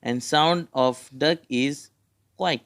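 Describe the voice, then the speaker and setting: A man with an Indian English accent teaches a spelling lesson to young children. He speaks very slowly and deliberately, naming each letter in turn. His voice is smooth and clear. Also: medium pitch, a bit bright.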